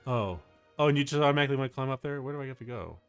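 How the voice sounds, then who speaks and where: A man streaming a video game, reacting excitably and talking to himself as he plays. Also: mid-range voice, very fast, faint music behind. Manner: excitable, laughs often, talks to himself. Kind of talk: casual gaming commentary.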